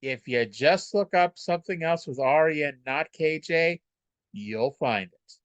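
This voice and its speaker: A man's voice: on the high side, animated, unhurried, no room sound, muffled recording. Wry, rambling man on a podcast. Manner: rambling and wry, many fillers. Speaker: podcast host reviewing old wrestling shows. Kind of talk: casual solo podcast recap.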